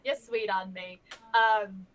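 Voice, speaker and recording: A woman's voice: medium pitch, fairly even intonation, slow pace, low-quality recording. A woman player in a tabletop game, joking and giggly in casual banter.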